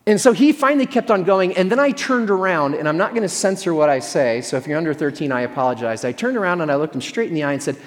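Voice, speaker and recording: A man's voice: on the high side, lively intonation, fast talker, big-room sound. A male pastor giving a sermon in a conversational, storytelling way with self-deprecating humor.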